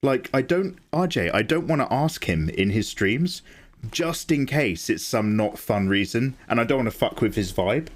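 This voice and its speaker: A man chatting casually with viewers while he draws on a livestream, getting excited, swearing freely and thanking people by name. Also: mid-range voice, normal speed. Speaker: livestreaming artist.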